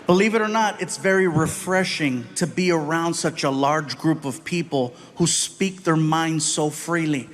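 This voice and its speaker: A male stand-up comedian tells stories in a high, lively voice. He is animated and slips into characters as he goes, with faint noise behind him. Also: measured pace, hardly any pauses. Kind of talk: stand-up storytelling.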